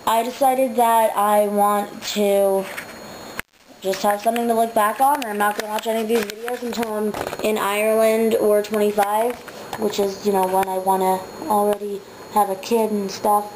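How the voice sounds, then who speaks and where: A woman's voice: medium pitch, little pitch movement, moderate pace, background noise. A nineteen-year-old woman rambling through a casual video diary at home, swearing freely and wandering off on tangents. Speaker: vlogger. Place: home, indoors.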